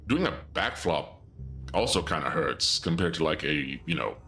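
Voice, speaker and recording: A man's voice: rumbling low, very animated, moderate pace, pushed and bright, soft background music. A man streaming a video game, rambling and joking through casual commentary. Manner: jokey, rambling, self-interrupting. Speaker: gameplay streamer.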